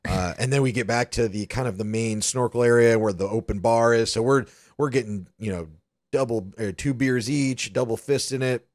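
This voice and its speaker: A man's voice: mid-range voice, normal speed, darkish tone, no room sound, clean studio sound. A man in his thirties co-hosting a podcast, telling stories in a rambling way full of restarts and "like". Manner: rambling storyteller, many restarts and "like". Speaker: podcast co-host. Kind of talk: casual chat.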